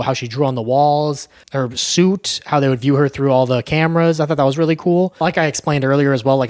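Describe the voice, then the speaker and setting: Chatty, cussing young man recapping a film. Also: a little high. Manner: chatty, profane, tags lines with "right?". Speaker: movie reviewer. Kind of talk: casual movie recap.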